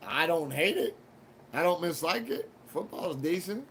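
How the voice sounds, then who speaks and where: A man's voice: fairly high pitch, sing-song, measured pace, a bit bright, a little hiss or hum. A man hosting a live stream, rambling through a casual monologue with crude jokes and heavy swearing. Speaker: livestream host.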